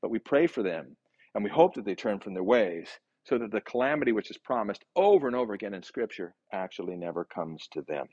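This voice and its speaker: A man talks through a Bible passage as a daily devotion, his voice sitting low. He speaks conversationally, pausing on fillers and restarting sentences. The recording is close and dry, with no room sound. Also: expressive, a little mellow, husky, no echo, dull audio.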